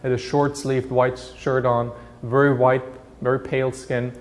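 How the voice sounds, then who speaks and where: A man's voice: medium pitch, level tone, measured pace. A man from Germany with a German accent, telling his life story in an earnest, reflective way, often restarting his sentences. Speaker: guest recounting his life. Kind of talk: personal testimony.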